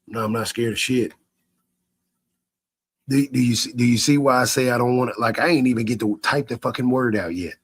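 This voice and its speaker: Male streamer, husky and rough-edged; rants at chat, cursing, repeating himself. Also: mid-range voice, fairly quick. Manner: repetitive, stammering restarts, profane. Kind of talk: ranting live stream to chat.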